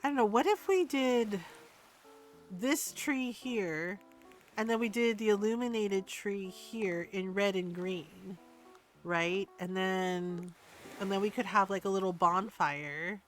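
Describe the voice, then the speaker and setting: A woman's voice: medium pitch, takes it slowly, soft background music. A woman streaming a cozy game, chatting casually and thinking aloud with plenty of fillers. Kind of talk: casual gameplay chat.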